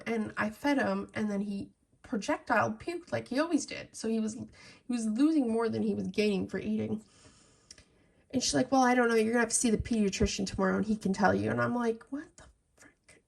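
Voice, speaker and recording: A woman's voice: a little high, vocal fry. A young adult woman chatting frankly and telling a story to her viewers while she colours. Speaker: colouring channel host. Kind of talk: casual chat while colouring.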